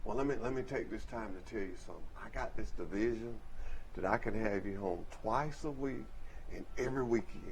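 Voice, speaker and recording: A middle-aged man hosting a talk show, pitching his trucking company with repetitive, enthusiastic banter. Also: brisk, slight background noise. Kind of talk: folksy sales pitch and casual chat.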